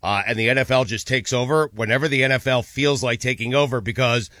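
A man hosting a sports talk show, emphatic and quick to laugh, agreeing often. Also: medium pitch, bright, forceful tone, no room sound. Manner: emphatic, quick to laugh, peppers replies with "yes". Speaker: sports radio host.

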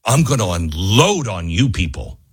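A man hosts a talk radio show in an impassioned monologue, pushing toward a near yell. His voice is husky and swings up and down with a lot of range. The sound is dry and close, with no room around it. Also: low voice, big pitch swings, normal speed, dry recording. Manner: fiery, raises voice to near yelling.

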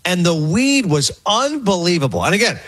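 High husky guy rattling off a game night story on sports radio, quick and animated. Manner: animated, rambling anecdotes with acted quotes. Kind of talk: casual storytelling chat.

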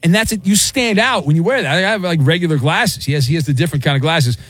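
A man's voice: fairly high pitch, fast, a bit bright, husky, no room sound. A middle-aged man hosting a late-night sports talk radio show, rambling and joking with self-mocking asides. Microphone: studio microphone.

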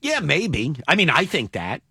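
A man's voice: fairly high pitch, huge pitch swings, creaky, bright, forceful tone, breathy edge, no room sound. A man hosting a morning radio show, joking and quizzing a caller in casual banter. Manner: playful, joking, quick questions. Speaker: radio host.

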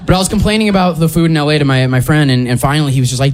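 A man's voice: on the high side, lively intonation, rapid-fire, hardly any pauses. A man doing a stand-up routine before a live audience, telling his story in a dry, conversational way. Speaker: stand-up comedian.

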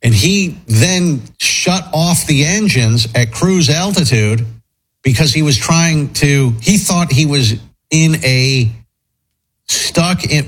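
Male radio host, husky voice, lively swings in pitch, rambling casual chat, studio mic. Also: low-quality recording. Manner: rambling, speculative, animated storytelling.

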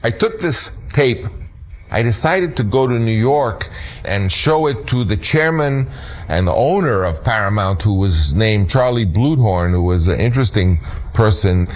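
A man recounting a casting story as an animated storyteller, acting out the voices of people he quotes. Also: on the low side, unhurried. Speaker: film director recalling a casting story. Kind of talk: recorded anecdote.

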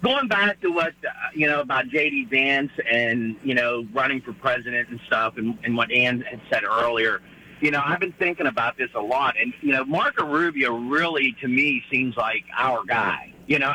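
A man's voice: mid-range voice, lively intonation, moderate pace, sharp tone, slight background noise, rough recording. A man with a Pittsburgh accent calling into a radio show, rambling with lots of "you know" fillers. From Pittsburgh area. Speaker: caller.

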